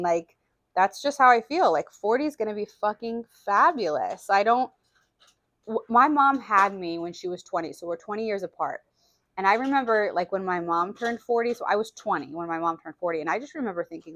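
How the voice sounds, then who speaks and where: This forties-aged woman vlogs in a candid, casual, chatty way, full of profanity and filler. Her voice sits mid-range with a fairly bright tone.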